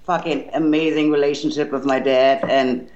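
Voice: medium pitch, flat delivery, moderate pace, a little mellow, echoey room, muffled recording. Blunt guest with a foreign accent. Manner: blunt, swearing. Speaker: musician guest. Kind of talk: casual interview chat.

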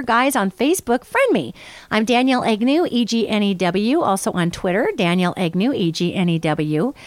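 A woman's voice: fairly high pitch, no echo. Chatty woman hosting a live radio show. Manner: chatty and rambling, addresses listeners as "you guys". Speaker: psychic radio show host. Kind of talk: casual live call-in radio talk.

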